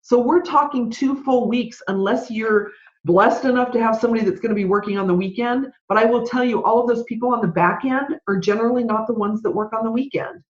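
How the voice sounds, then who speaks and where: Female podcast host, fast conversational rant, muffled roomy recording. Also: on the high side. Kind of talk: solo podcast advice. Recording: roomy, dull lo-fi sound.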